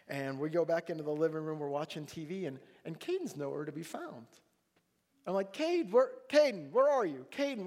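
High-voiced pastor preaching in a hall. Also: male voice. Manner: animated, jokey storytelling with lively acted-out dialogue. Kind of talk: sermon storytelling. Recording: long reverb of a large hall.

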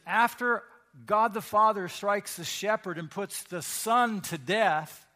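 A man's voice: high voice, a bit bright. A male pastor preaching a sermon in a conversational, emphatic way, asking the congregation questions.

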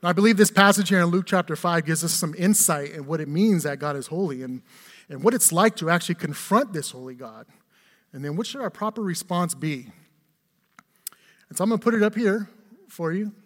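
A man in his forties with a high voice preaches a sermon, telling stories with humor and tossing rhetorical questions to his listeners in a conversational way. His voice rings out with the long reverb of a large church hall. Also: a bit bright. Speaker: pastor.

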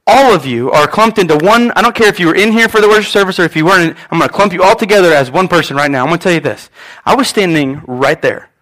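High-voiced earnest male pastor. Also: fairly bright tone. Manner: earnest, repeats phrases, quotes prayers aloud. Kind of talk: sermon.

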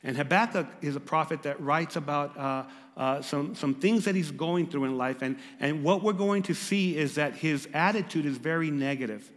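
A man preaching a sermon to a church congregation. He stumbles over repeated words and rises to loud, emphatic reading. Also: fairly high pitch, moderate pace, long reverb tail. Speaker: pastor. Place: church service.

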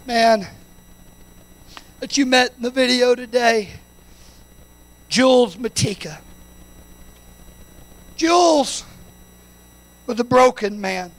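A man preaching a sermon in a church, building to impassioned shouted peaks and then dropping to a quiet, intimate tone. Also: extremely high pitch, slow, long pauses, poor audio. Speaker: pastor.

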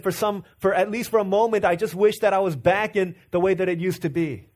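A man in his thirties preaching a sermon, earnest and repeating himself, dropping to a soft low voice for stories. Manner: earnest, repeats words and restarts, drops to a soft low voice when telling stories. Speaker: pastor.

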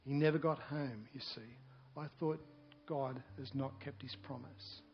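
A man voicing a grieving widow in her fifties within a sermon story, quiet, broken and slowing down. A guitar plays faintly behind. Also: medium pitch, fairly even intonation, gravelly, highs cut off.

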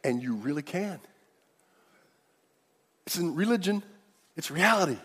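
A man's voice: a little high, animated, measured pace, pauses often, a bit bright, slightly rough. A man pastor preaching an emphatic sermon, leading the congregation in call-and-response. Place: large church hall. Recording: reverberant church hall.

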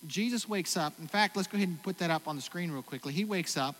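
A man preaching a sermon as pastor, swinging between loud exclamations and hushed reflection. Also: sits high, quick pace. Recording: hall reverb, faint noise.

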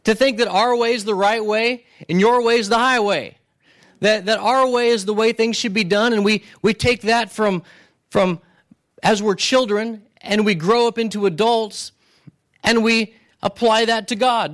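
A male pastor preaching a sermon in a conversational way, retelling scripture stories and often checking in with the congregation. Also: sits high. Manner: conversational, keeps checking in with "right?"; retells stories with restarts and acted asides.

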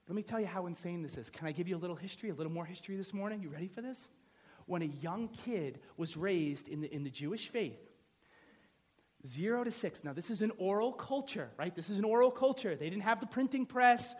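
A pastor from the New York area preaching a sermon in a lively, joking, conversational way, often checking in with "right?". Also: male voice, sits high, a little fast. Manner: animated, conversational, joking, asks the audience "right?".

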